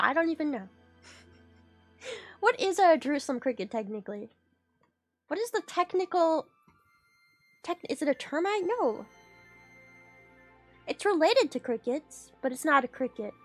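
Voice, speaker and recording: A woman streamer in casual livestream chat with a high, bright-sounding voice. She talks in an excitable, playful ramble, swearing casually and jumping suddenly in pitch and loudness. Faint music plays quietly in the background. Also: a little slow, pauses often.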